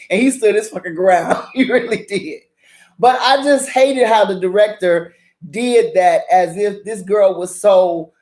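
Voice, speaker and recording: A woman ranting casually about a TV drama, swearing and laughing often as she recaps scenes. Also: mid-range voice. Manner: profane, animated, laughs often. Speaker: drama review vlogger.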